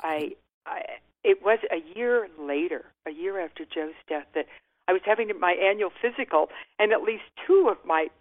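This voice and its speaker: A woman's voice: on the low side, expressive, moderate pace. Older woman on a tinny phone line. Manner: candid, reflective, often laughing softly. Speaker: guest author. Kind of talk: interview. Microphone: telephone.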